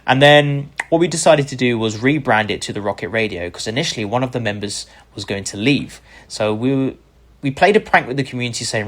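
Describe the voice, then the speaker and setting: This UK content creator speaks fairly quickly in a mid-range voice while being interviewed. Telling his story with keen gratitude and enthusiasm, he brings other people's words to life by voicing them vividly.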